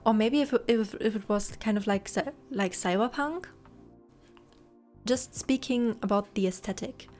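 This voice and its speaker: Faint game music plays as a young woman, German by first language, rambles casually through her gameplay stream and softly addresses her chat. She speaks at a measured pace in a fairly high-pitched voice.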